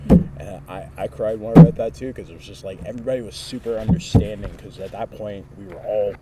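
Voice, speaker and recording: A twenty-something vlogger tells a friend a story in casual conversation, full of expression and acted-out lines from other people. His voice sits on the low side and moves fairly quickly, captured on a distant mic with audible noise.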